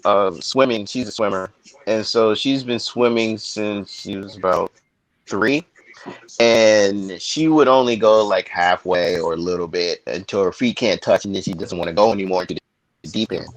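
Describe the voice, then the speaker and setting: A man's voice: on the low side, no room sound, poor audio. A man on a video call casually telling a proud story about his daughter, acting out the voices in it. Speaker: guest father.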